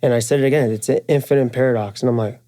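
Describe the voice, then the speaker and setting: A firearms and jiu-jitsu instructor, interviewed as a guest at a trade show, tells stories very fast in a mellow, mid-pitched voice loaded with slang, fillers and the occasional curse. He's animated, jumping to a raised pitch to act out friends' quotes before easing back into a rambling flow.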